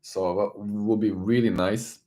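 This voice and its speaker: Hosting a casual live stream, a man with a somewhat low, mellow voice greets viewers and answers the chat in a loose, chatty way. His tone is steady and his pace measured, but his searching sentences often stop and start again.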